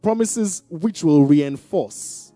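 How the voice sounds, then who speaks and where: A pastor with a slightly high, expressive, warm voice preaches slowly, posing questions to the congregation in call-and-response style and building to emphatic declarations. The recording is dry with no echo and faint music behind.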